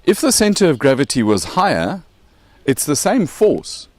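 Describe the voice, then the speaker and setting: A man's voice: fairly high pitch, very animated, normal speed, no echo. A man with a South African accent hosting a casual show, explaining with props and joking along the way. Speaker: podcast host.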